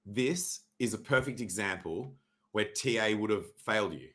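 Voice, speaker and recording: Man, young adult, lowish voice, sarcastic, mock-dramatic, swears a lot, keeps clearing his throat. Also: measured pace, a bit bright. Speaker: livestream host reviewing crypto charts. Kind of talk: casual livestream chart talk.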